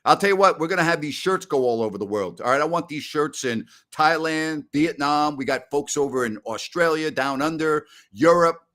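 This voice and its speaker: A man in his sixties hosting a casual post-game show, telling rambling stories loudly with salty language. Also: fairly high pitch, moderate pace, few pauses. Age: 60s. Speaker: host.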